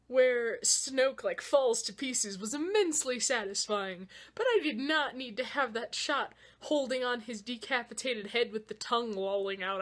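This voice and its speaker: A young woman vlogger gives a casual, excitable rant reacting to a movie, swearing freely. She swings between loud outbursts and low mutters and sounds a little winded.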